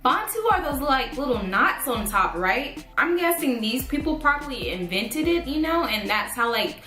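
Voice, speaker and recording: A woman's voice: high voice, lively intonation, normal speed, sharp tone, roomy sound, soft background music. A woman in her twenties vlogging casually to camera, rambling and thinking aloud with lots of fillers. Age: 20s.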